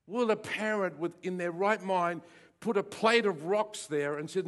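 A male pastor preaching a lively sermon to his congregation, with playful asides and bursts of raised voice. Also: sits high, normal speed. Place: church hall with congregation.

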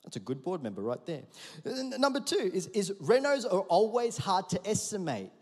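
A man preaching a sermon in a church, telling a story in a lively, conversational way and calling for responses from the congregation. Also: sits high, normal speed, husky. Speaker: pastor. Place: large church auditorium. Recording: long hall reverb.

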